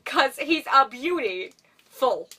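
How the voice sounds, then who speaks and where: Sitting high in pitch, her husky voice moves slowly with lively intonation and a sharp tone. She's a young woman co-hosting a podcast, giggling and rambling as she recaps a film and voices its characters. Her voice comes from well off the mic.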